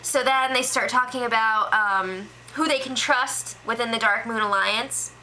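A woman casually recapping a reality show, chatty and full of fillers, slipping into quick impressions of the people she quotes. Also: fairly high pitch, sharp tone, a little hiss or hum, rough recording.

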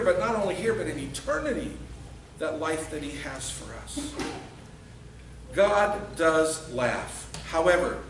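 A man's voice: a little high, fairly bright tone, slight background noise. A male pastor preaching a sermon in an earnest, emphatic way, now and then acting out the voices he quotes. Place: church sanctuary. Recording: echoey church hall, mic at a distance.

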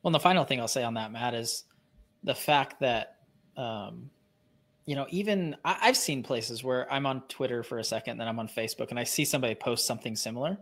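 A man's voice: mid-range voice, fairly bright tone. A man co-hosting a live online lesson in casual chat, acting out quoted reactions. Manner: fast, chatty, acts out quoted reactions. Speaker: co-host.

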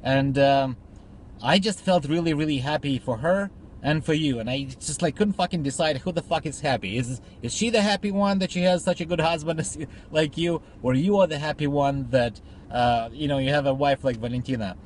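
A man records a casual birthday video for a friend, his voice sitting a little high. He swears a lot and jokes crudely, then turns warm and sentimental. A faint background hum runs under the recording. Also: normal speed.

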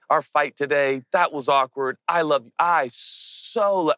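A man preaching a sermon as pastor, earnest and intimate, slowing down to press on key words. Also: fairly high pitch, a bit bright, no room sound.

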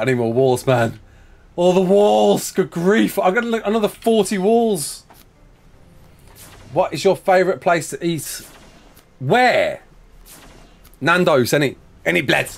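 British male streamer, fairly high and bouncy voice, loose and jokey, answering chat between laughs. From United Kingdom. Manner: chatty, laughs often, calls people mate and man. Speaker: live-streamer. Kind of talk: casual live-stream chat answering viewers.

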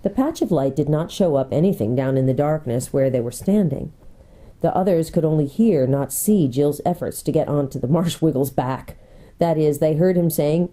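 A woman pastor reading a children's book aloud with expressive storytelling. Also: deep voice, normal speed.

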